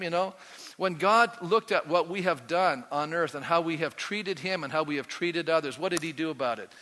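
A man preaching from the pulpit with a bright, forceful, slightly high voice that carries across a large church. He keeps turning to the congregation with questions, and a long reverb tails off every phrase. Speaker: pastor. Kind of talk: sermon.

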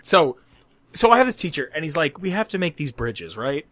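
A man's voice: on the high side, sing-song, a little fast, fairly bright tone, no echo. Rambling, cursing young man telling a story. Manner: rambling, profane, laughs at his own jokes. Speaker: podcast co-host. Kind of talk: casual storytelling chat.

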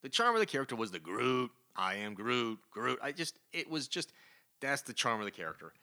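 A man co-hosting a comic book podcast, recapping an issue in casual chat and briefly putting on voices for the characters. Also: mid-range voice. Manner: animated retelling with quick put-on character voices. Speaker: podcast co-host.

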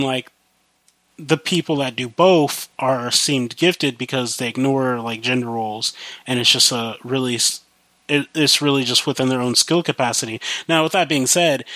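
A man's voice: medium pitch, normal speed, bright, forceful tone, no room sound. A young man hosting a podcast alone, rambling casually about his life with lots of fillers and restarts. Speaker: podcast host. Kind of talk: casual monologue.

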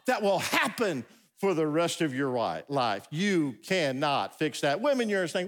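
This middle-aged pastor's voice sits on the high side, bright and very animated, yet he keeps a measured pace. He's giving a funny sermon in a big church hall, working through a comic tale with asides and false starts, and the hall's reverb trails long.

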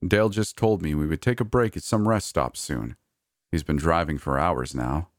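A man narrates a serialized first-person story in a measured, even way. His voice is very low and deep. The recording is dry, with no room echo.

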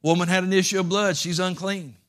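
Man, pastor, sermon, folksy, quiet asides to impassioned pleading, high pitch, bright tone. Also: fairly even intonation, a little fast.

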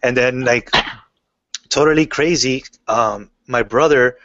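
A man's voice: mid-range voice, takes it slowly. A man talks casually as an interview guest, spinning loose stories full of fillers and restarts. His voice sits in a middle range and comes through a dull, lo-fi recording. The room sound is dry, with no echo. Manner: relaxed storytelling, many fillers and restarts. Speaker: comic book writer.

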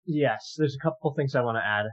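An earnest young man weighs in on a film in a casual conversation, pausing on fillers as he builds his points. His middle-pitched voice comes through a dull, lo-fi recording that is dry and close. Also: no room sound. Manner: earnest and thoughtful, many ums and restarts. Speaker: podcast co-host.

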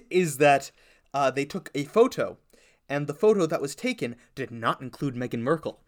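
A young man co-hosting a podcast in casual, joking chat, sarcastic and quick to laugh, trailing off into fillers. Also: mid-range voice. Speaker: podcast co-host.

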